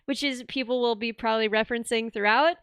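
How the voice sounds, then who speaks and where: A woman's voice: on the high side, fast, smooth, no echo, studio quality. A woman hosting a live stream, chatting casually and gushing thanks to her donors. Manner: excitable, squealing thanks to donors. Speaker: streamer host.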